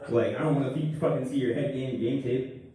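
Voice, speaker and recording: A young man does crude stand-up on a club stage, rambling through bits with deadpan asides. His voice sits at a middling pitch. It sounds very echoey and far from the mic, with noise around it. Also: a little fast. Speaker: stand-up comedian, contestant. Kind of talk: stand-up comedy. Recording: echoey room, distant mic, noisy.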